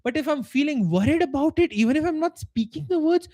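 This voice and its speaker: A man's voice: very high voice, animated, quick pace, mellow. A man coaching live on a stream, earnest and explanatory, acting out the voices of the people in his examples. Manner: earnest, acts out quoted voices. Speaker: life coach. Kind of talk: live-streamed motivational talk.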